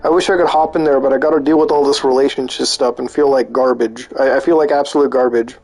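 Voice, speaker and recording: A man's voice: mid-range voice, fairly even intonation, fast, gravelly. A man streaming live, reading posts aloud and reacting with disbelief and swearing. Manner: incredulous, swearing, reacting out loud.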